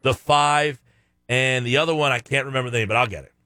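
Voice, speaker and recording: A man's voice: mid-range voice, quick pace, dry recording. A man co-hosting a sports radio show, giving firm opinions in casual talk. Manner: opinionated, lively, reads out listener texts.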